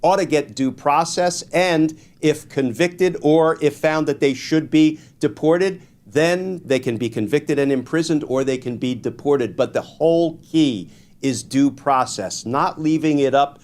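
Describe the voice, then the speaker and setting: A man giving measured, explanatory legal commentary as a guest on a political talk show, stressing key points. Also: a little high, a little mellow.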